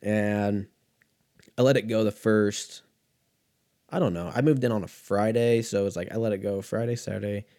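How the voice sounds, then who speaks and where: Profane, rambling man with a lowish voice. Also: steady tone, normal speed, dark tone. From California. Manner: profane, rambling, easily sidetracked. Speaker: host. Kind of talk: casual storytelling monologue.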